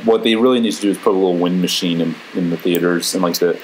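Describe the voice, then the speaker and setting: A man co-hosting a casual chat, telling stories with lively jumps into high excited voices. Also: fast, a little hiss or hum, poor audio. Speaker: co-host.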